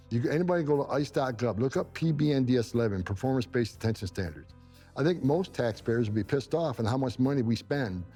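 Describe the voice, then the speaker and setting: A man's voice: mid-range voice, dark tone. Intense, passionate middle-aged man. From upstate New York. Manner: intense and passionate, repeats himself when moved. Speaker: former immigration enforcement director. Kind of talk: emotional interview answers.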